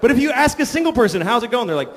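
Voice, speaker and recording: A man's voice: very high-pitched, sing-song, racing, background noise. A man doing a crude, ranting stand-up comedy set.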